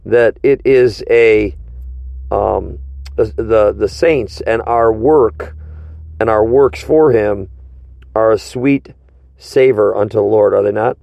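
A man leading an informal Bible study conversation, teaching slowly and emphatically and asking his partner rhetorical questions. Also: fairly low pitch, creaky, dark tone, no echo.

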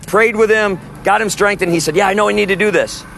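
A man's voice: high-pitched, quick pace, vocal fry, fairly bright tone, slight background noise. A man preaching in the open air, telling stories emphatically and acting out the dialogue. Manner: storytelling, emphatic, quotes others in dialogue. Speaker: street preacher.

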